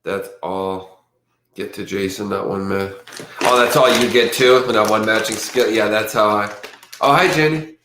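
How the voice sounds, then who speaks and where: A man's voice: lowish voice, steady tone, measured pace, noisy background. A man hosting a casual livestream who chats loosely with his audience, reads crime news aloud and stumbles over hard words. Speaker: livestream host. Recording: echoey room.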